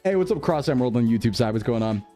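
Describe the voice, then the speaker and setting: A man's voice: mid-range voice, animated, rapid-fire, mellow, soft background music. A man streaming live, chatting casually and laughing as he defends himself in a flustered way. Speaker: VTuber streamer. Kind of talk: casual livestream chat. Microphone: desktop streaming mic.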